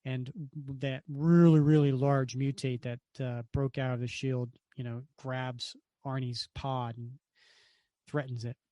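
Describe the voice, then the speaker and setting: A man's voice: medium pitch, little pitch movement, takes it slowly, dark tone, dry recording, studio quality. A man co-hosting a podcast, casually reviewing a comic with rambling asides. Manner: rambling, with fillers and restarts. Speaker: podcast co-host.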